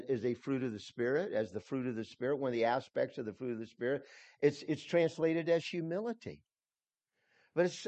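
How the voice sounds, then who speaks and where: A man's voice: medium pitch, a little mellow, no echo, lo-fi sound. A man preaching an expository sermon, emphatic and repeating himself, with frequent restarts. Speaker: pastor.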